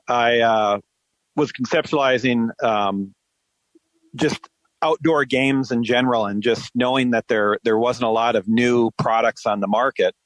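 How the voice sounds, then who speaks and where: A man's voice: mid-range voice, a bit bright, no room sound, poor audio. A man in his forties, a podcast guest, telling his story in a plain conversational way with frequent fillers. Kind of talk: conversational interview answers.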